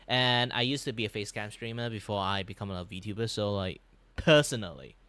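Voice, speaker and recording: A young man from Malaysia with a Malaysian English accent, chatting casually on a livestream in an animated, rambling way, with many restarts and laughs. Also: lowish voice, normal speed, clean tone. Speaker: VTuber streamer.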